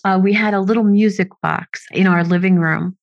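A woman's voice: medium pitch, steady tone, moderate pace, creaky. Woman host with a dull lo-fi sound. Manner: sympathetic, brief interjections. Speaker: podcast host. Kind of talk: interview conversation.

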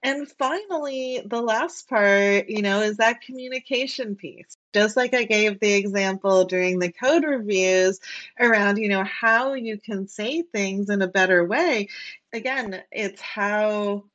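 A woman's voice: medium pitch, measured pace, a bit bright, muffled recording. A woman being interviewed as an engineering leader, answering freely with lots of "like" and "right?" fillers over a remote call. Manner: talks freely, frequent "like" and "right?".

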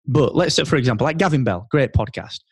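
A man's voice: medium pitch, fast, husky, no echo, studio quality. Talkative man as a podcast guest. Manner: animated, thinks aloud with restarts. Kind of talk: casual interview chat.

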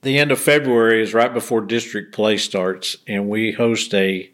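In a casual interview, a middle-aged bereaved father tells earnest stories and acts out the voices of the people he quotes. His voice sits on the low side and is a bit bright, with fairly even intonation and a moderate pace.

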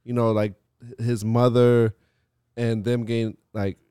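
Deadpan joking podcast co-host man. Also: mid-range voice, a little slow, smooth, no room sound. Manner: dry, deadpan jokes. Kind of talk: casual chat.

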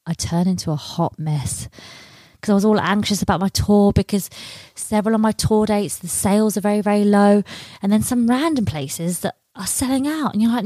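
A woman's voice: mid-range voice, lively intonation, a little fast, warm tone, no room sound. A woman comedian telling tour stories in a chatty, self-deprecating way with casual swearing. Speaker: touring stand-up comedian. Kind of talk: casual storytelling to camera.

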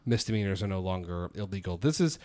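Male co-host, lowish voice, chatty explainer, filler-heavy, wry. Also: expressive, quick pace, darkish tone. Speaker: podcast co-host. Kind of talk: casual policy chat.

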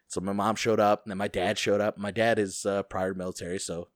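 Low-voiced man swearing through a story. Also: quick pace, hardly any pauses, no room sound, clean studio sound. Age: adult, school friend of co-host. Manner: profane, animated storyteller. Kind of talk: casual chat.

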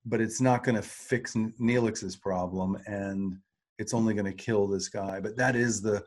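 A man's voice: lowish voice, fairly even intonation, normal speed, a little mellow. A middle-aged man co-hosting a podcast, talking through an episode in a thoughtful, analytical way. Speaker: podcast co-host. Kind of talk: casual rewatch discussion.

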